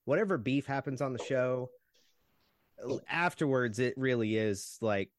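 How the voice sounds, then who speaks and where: A man's voice: medium pitch, a little slow. A man hosting a podcast interview, asking questions in a laid-back, conversational way. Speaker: podcast host. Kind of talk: casual interview. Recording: dry close sound.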